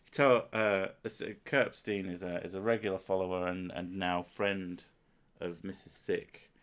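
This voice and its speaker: A man's voice: sits low, fairly even intonation, a little slow, clear, resonant tone. A man hosting a livestream, chatting casually, with crude, self-mocking jokes. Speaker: streamer and host.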